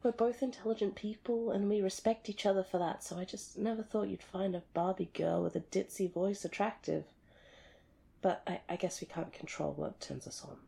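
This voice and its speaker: A woman playing the listener's girlfriend in an audio role-play, talking in an expressive, conversational way that swings between loud and hushed. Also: mid-range voice, moderate pace, creaky, slightly rough. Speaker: girlfriend character addressing the listener.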